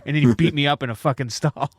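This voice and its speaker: A man's voice: a little high, fairly quick, dry recording, clean studio sound. A man on a casual podcast, telling funny stories at his own expense. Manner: storytelling, self-mocking. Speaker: podcast co-host. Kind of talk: casual chat.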